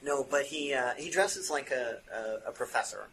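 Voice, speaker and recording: A man's voice: medium pitch, moderate pace, a bit bright. A man playing a tabletop role-playing game, talking in a hesitant, thinking-aloud way with restarts. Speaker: tabletop player. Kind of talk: in-character role-play with table talk. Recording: home recording with background noise.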